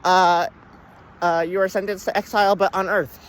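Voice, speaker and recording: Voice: mid-range voice, level tone, moderate pace, smooth, voice pushed up, natural voice. A young reviewer voicing an alien empress who hesitantly passes sentence in an officious tone.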